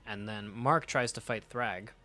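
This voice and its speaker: A man's voice: lowish voice, measured pace, pushed and bright. A man casually reading through a comic and reacting, rambling, swearing freely and laughing often. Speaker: comic reader, channel host.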